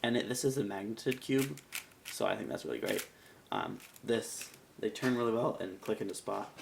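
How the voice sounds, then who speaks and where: A man's voice: on the low side, animated, normal speed, vocal fry, background noise. A man giving a casual product review in a rambling, chatty way with self-mocking asides. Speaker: cube reviewer.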